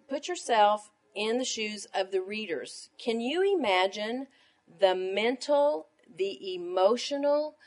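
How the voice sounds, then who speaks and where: A woman teaching a Bible study to other women, reading scripture in a measured cadence and leaning on rhetorical questions. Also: medium pitch. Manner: emphatic, asks rhetorical questions.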